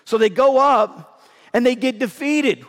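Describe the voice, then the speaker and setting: A male pastor delivers a sermon in a high voice, emphatic and conversational. He is losing his voice and sounds hoarse and winded. His words ring out with a long reverb in an echoing hall. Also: a little slow.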